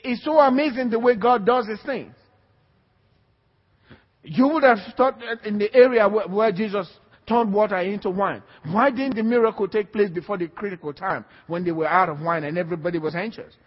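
In a high, slightly rough voice, a man preaches a sermon built on emphatic repetition and call-and-response with the congregation. The recording sounds dull and echoey, like a hall.

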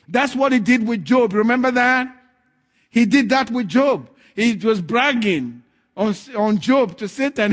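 High-voiced fervent male preacher. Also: slow pace. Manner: fervent, rising to loud declarations, chuckling asides. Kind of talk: sermon.

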